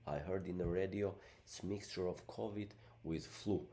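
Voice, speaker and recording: A man's voice: low voice, moderate pace, mellow. A middle-aged man, an Albanian native speaker, talking in a rambling casual monologue with many fillers, his voice blocked up from a month of illness. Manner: rambling, many fillers like "you know what I mean". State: sick, congested voice.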